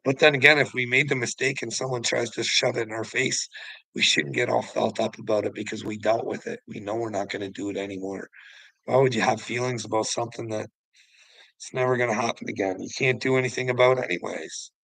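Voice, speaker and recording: A man's voice: medium pitch, fairly even intonation, quick pace, gravelly, pushed and bright, no room sound, rough recording. A man ranting on a livestream, preachy and taunting, swearing and mocking the person he addresses. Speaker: channel host. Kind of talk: confrontational livestream rant.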